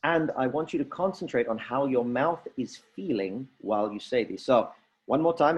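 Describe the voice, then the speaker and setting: Lively man coaching teachers in drama. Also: medium pitch, normal speed, dull audio. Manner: lively, coaching, demonstrates vocal drills. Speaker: workshop presenter for teachers. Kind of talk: leading a drama teaching workshop.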